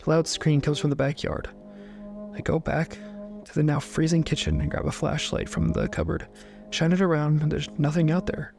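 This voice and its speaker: Young guy reading a creepy first-person story, slightly high voice, dry and calm, soft music underneath. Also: gravelly. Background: faint music.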